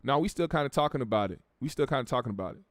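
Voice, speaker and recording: A man's voice: medium pitch, lively intonation, racing, dry recording, studio quality. A man from the United States hosting a livestream, reading out viewer comments in a brash, profane, blunt way. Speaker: show host.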